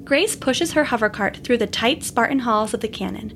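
A woman narrating a scripted space adventure story in a steady, descriptive way. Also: a little high, moderate pace, gravelly, soft background music.

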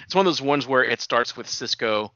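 A man's voice: mid-range voice, lively intonation, a little fast, pushed and bright, dry recording, lo-fi sound. Fan-savvy man explaining show lore. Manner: knowledgeable fan, explains lore with hedging asides. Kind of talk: casual chat about a TV series.

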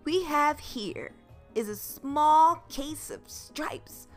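A woman reading aloud, voicing a kind, plump old woman healer in a gentle, soft-spoken way. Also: sits high, expressive, drawn-out words, soft background music, voice pushed up, exaggerated voice.

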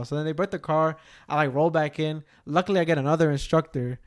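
A man's voice: a little high, fast, clean tone. A young man, co-hosting a podcast and telling a story in a loose, profane, slangy way. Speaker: podcast co-host. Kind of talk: casual chat, storytelling.

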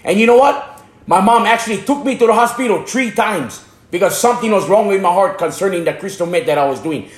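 A man from Hana, Maui, Hawaii gives a passionate religious testimony in the manner of a preacher, his voice high-pitched and brisk in a roomy space. He repeats phrases and stumbles over his words.

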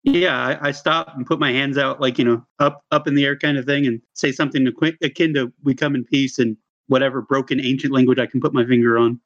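A man's voice: mid-range voice, fairly even intonation, fast talker, few pauses, dull audio. A man playing in a tabletop game, talking eagerly and rambling with lots of "like". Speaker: player. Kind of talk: casual tabletop role-play.

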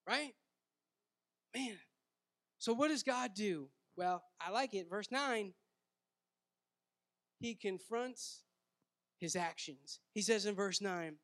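A high-pitched man preaches to his congregation as their pastor. He swings between booming scripture reading and quiet, intimate asides, and keeps checking in with casual "right?" and "man." It sounds like a dynamic, conversational sermon. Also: a little slow.

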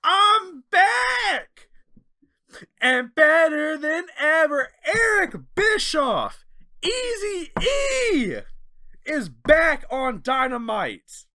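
A man putting on a loud, boastful impression of a brash male wrestling personality announcing his return. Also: extremely high pitch, sing-song, drawn-out words, dry recording, clean studio sound, pitched above the performer's own voice, exaggerated voice. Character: brash, booming male wrestling personality making a comeback entrance.

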